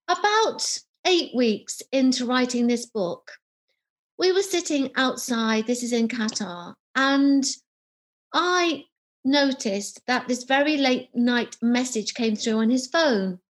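A middle-aged British woman, an author and psychotherapist, tells a personal story during an interview in a high-sitting, slow voice. She is animated and acts out the dialogue she remembers.

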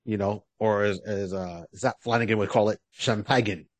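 A man's voice: lowish voice, steady tone, normal speed, dry recording. A man co-hosting a podcast, retelling a story in a casual, rambling way with many fillers. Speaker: podcast co-host. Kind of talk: casual chat.

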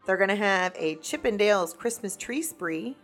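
A woman co-hosting a podcast in a studio, chatting excitably and sometimes losing her words mid-sentence. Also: mid-range voice, moderate pace, faint music behind. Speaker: podcast co-host. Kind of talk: casual podcast chat. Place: recording studio.

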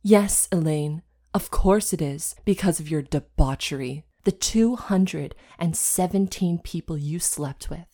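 A woman voicing an exasperated, condescending male demon as she reads a story aloud on a comedy podcast. She keeps close to her own voice and gives it a drawn-out, weary delivery. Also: low-pitched, warm tone.

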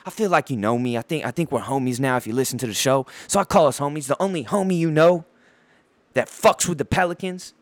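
A fast-talking man with a slightly high voice hosts a podcast and launches into a basketball rant full of swearing. Fired up, he stumbles over words and bounces around holding his mic, with no echo in the audio.

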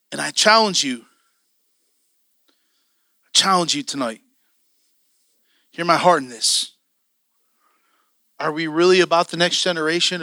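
A man preaching a passionate sermon as a church elder, telling stories and acting out his own excitement. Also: on the high side, dry recording, clean studio sound.

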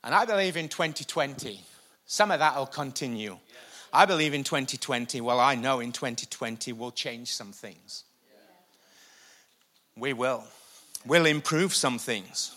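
A male pastor preaching a sermon, energetic and repetitive for emphasis. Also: mid-range voice, unhurried. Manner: energetic, repeats lines for emphasis, uses a helper for a live demonstration. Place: church stage before a congregation.

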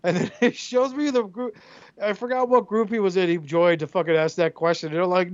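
A man's voice: high-pitched, steady tone, brisk, highs cut off. A man co-hosting a podcast in casual chat, telling rambling profane stories and acting out quotes. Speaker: podcast co-host.

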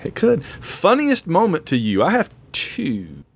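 A man's voice: fairly high pitch, measured pace, breathy edge. A man co-hosting a podcast in casual chat, acting out quotes with laughs. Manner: animated, acts out quotes with laughs. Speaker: podcast co-host.

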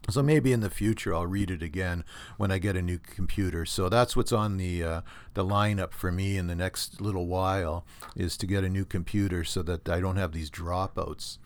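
A man's voice: deep voice, steady tone, normal speed. A Canadian man hosting a solo podcast, rambling and opinionated, with many restarts, recorded on a computer at home. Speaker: podcast host. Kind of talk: casual solo podcast monologue. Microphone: computer recording setup.

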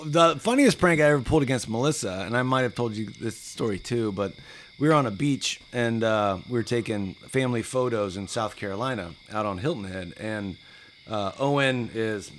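A man in his forties, a podcast guest, telling casual stories in an animated way and acting out other people's lines. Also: lowish voice, slight background noise. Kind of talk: casual storytelling.

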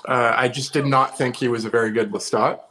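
A man's voice: medium pitch, fairly even intonation, a little fast, pushed and bright, rough recording. Hesitant male co-host. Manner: hesitant, lots of fillers and restarts. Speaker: podcast co-host. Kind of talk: casual chat.

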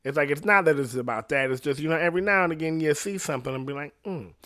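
A man's voice: on the high side, racing, bright, forceful tone. A young adult man talking in a casual, rambling and profane way, laughing often as he goes. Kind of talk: casual chat.

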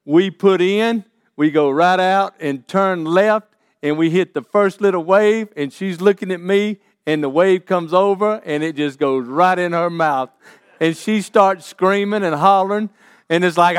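A man's voice: high-pitched, normal speed, smooth, dry recording, clean studio sound. Folksy preacher man. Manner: folksy, repeats and restarts, calls for amens. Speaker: pastor. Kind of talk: sermon.

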